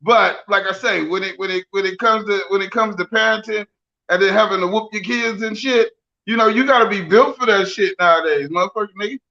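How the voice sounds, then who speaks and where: A bright, high-pitched man in his forties trades profane, joking stories in loose podcast banter. The sound is a little dull and lo-fi. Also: a little fast. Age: 40s. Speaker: podcast co-host.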